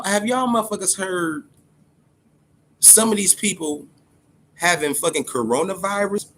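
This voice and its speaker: Profane, animated boxing stream host. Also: male voice, sits high. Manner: profane, animated, greets chat viewers. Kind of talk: casual livestream chat.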